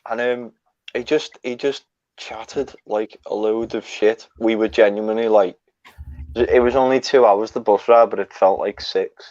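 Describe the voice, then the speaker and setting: A man's voice: fairly low pitch, steady tone, unhurried, a little mellow, no echo. A young man telling a rambling, sweary travel anecdote in a casual chat. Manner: swearing, rambling, laughs at own story. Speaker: storyteller guest. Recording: dry, slightly dull mic.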